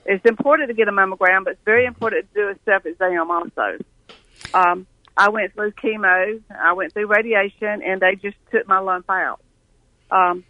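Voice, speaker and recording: A woman's voice: mid-range voice, pushed and bright, no echo, low-quality recording. A woman calling in to a live show, telling her story plainly and earnestly. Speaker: caller. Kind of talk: phone-in story.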